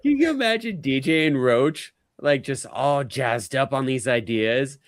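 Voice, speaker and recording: A man's voice: mid-range voice, unhurried. A man co-hosting a podcast who tells stories in loose, profane chat. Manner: profane, animated storytelling. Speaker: podcast co-host. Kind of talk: casual chat.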